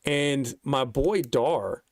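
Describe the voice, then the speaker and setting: A man's voice: medium pitch, drawn-out words, no room sound. A young man telling a rambling story in casual vlog style, profane and laid-back, with lots of fillers. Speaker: vlogger.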